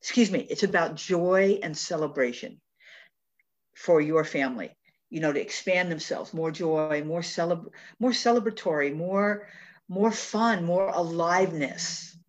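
A woman hosts a spiritual conversation in an earnest, affirming tone. Her voice sits a little low, and she repeats key phrases as she builds up a point. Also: a little slow. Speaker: host, numerology speaker. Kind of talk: spiritual talk show chat.

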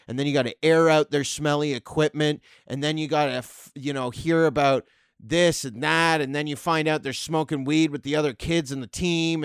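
A sarcastic man in his thirties rants through a comedic podcast monologue, swearing freely as he rambles from one jab to the next. His voice sits a little high for a man and sounds smooth and resonant. The sound is dry and close, with no room around it. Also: no echo. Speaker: podcast host.

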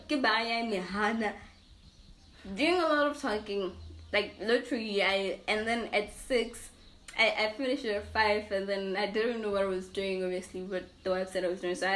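Animated, laughing young woman. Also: medium pitch. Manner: animated, laughs often, self-deprecating. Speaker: podcast guest. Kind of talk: casual interview chat.

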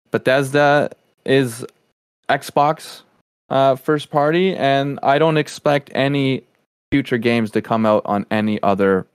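A man's voice: mid-range voice, clean tone, dry recording, clean studio sound. A man co-hosting a casual podcast chat, giving firm, emphatic opinions. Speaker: podcast co-host.

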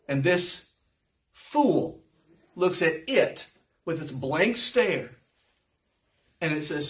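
A man teaching through a Bible chapter to a congregation, reading verses and asking rhetorical questions, sometimes rising to a shout. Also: on the high side, animated, slow pace, long pauses, distant mic. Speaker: pastor.

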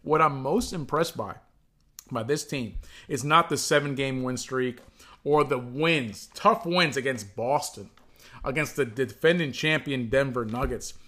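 A man's voice: medium pitch, measured pace, bright, forceful tone. A man co-hosting a sports podcast, teasing his partner while breaking down stats. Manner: teasing, analytical banter. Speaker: podcast co-host. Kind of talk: casual sports chat.

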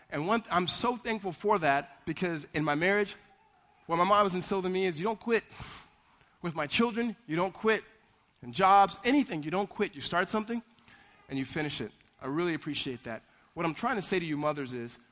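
A pastor preaching a sermon in a church, telling stories in an animated, conversational way with frequent tag questions. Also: male voice, high voice, big-room sound. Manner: animated, conversational storytelling with repeated "right?". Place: church sanctuary.

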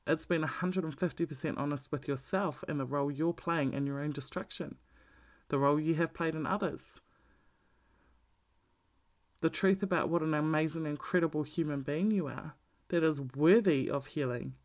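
A man's voice: a little high, moderate pace. A man giving a blunt, profane, candid talk about emotional healing, repeating his points for emphasis.

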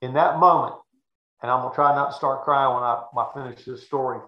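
A man's voice: mid-range voice, fairly even intonation, brisk. Folksy man in his sixties telling stories. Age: 60s. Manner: folksy, earnest storyteller. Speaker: guest, sports broadcaster. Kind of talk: anecdotal storytelling. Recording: echoey, dull room sound.

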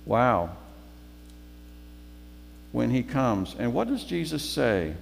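A man's voice: medium pitch, very animated, takes it slowly, vocal fry, long pauses, big-room sound, slight background noise. A man giving a sermon as guest preacher, conversational, repeating phrases for emphasis.

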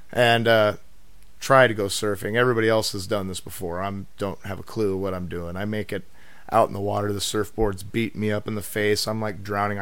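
A man telling a story in casual chat, lively and swearing, acting out what others said. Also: fairly low pitch, dry recording. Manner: animated, swearing storyteller who acts out other people's lines.

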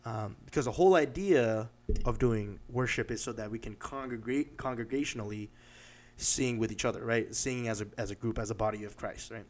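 A man co-hosting a podcast in a loose, casual chat. He rambles, restarts sentences and leans on fillers as he talks an idea through with examples. His pitch sits in an ordinary middle range. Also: fairly quick. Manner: explains with examples. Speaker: podcast co-host.

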